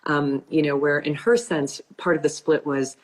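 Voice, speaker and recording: A woman's voice: low voice, fairly even intonation, normal speed. A woman hosting a book club conversation, reflective and thoughtful as an interviewer.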